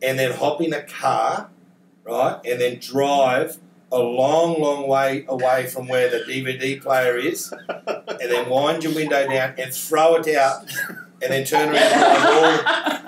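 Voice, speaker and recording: A man's voice: mid-range voice, steady tone, unhurried. A man with an Australian accent hosting a casual interview, joking and rambling with many restarts. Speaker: podcast host. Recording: echoey room, distant mic, faint noise.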